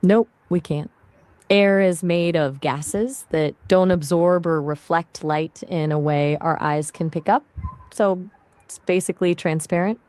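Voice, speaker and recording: A woman's voice: lowish voice, measured pace, darkish tone, no room sound. A woman's voice as an AI voice assistant, chatting casually and friendly, answering questions and asking questions back.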